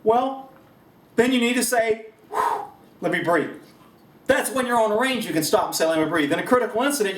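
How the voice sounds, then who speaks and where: A man's voice: high voice, reverberant, distant mic. A man with an American accent gives a casual, rambling firearms lesson indoors, with folksy asides and laughs. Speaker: firearms instructor. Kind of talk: casual instructional talk. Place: indoors, shooting range building.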